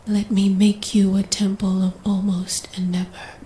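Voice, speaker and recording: A woman's voice: mid-range voice, little pitch movement, unhurried, slight background noise, natural voice. A woman whispering the lines of a veiled, gloved man who is desperate yet holding himself back, in a whispered role-play. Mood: strained desperate. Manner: hushed, strained, breathless.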